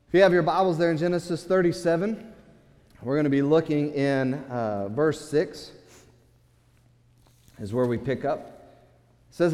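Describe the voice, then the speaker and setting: A pastor preaching a sermon, retelling a story in an animated way with chuckles and stumbles over repeated words. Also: male voice, fairly high pitch, moderate pace, long pauses. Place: church. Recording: long hall reverb.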